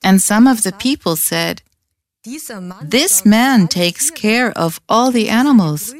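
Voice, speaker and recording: Calm woman reading scripture slowly. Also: mid-range voice. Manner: calm, reverent, measured.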